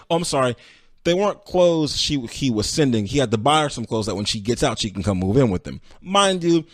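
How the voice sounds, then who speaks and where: A man hosting a podcast, retelling stories casually and acting out the people in them with sudden high-pitched outbursts. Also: no room sound, studio quality. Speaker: podcast host. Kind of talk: casual storytelling recap.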